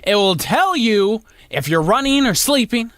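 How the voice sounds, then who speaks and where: A man co-hosting a radio show in casual banter, reacting with animated, mock alarm. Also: high-pitched, measured pace, dry recording. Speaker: radio co-host. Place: radio studio.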